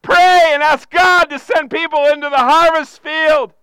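A man preaching a sermon with passion, using repeated phrases and sudden shouted bursts. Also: very high-pitched, fairly even intonation, unhurried, no echo, rough recording. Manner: impassioned preaching, repetitive cadences, bursts of shouting. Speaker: pastor.

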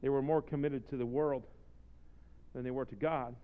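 A man preaching a sermon as pastor, swinging from low, joking asides to shouted exhortations in plain-spoken language. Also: steady tone, normal speed, clean tone. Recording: reverberant, slightly dull hall recording.

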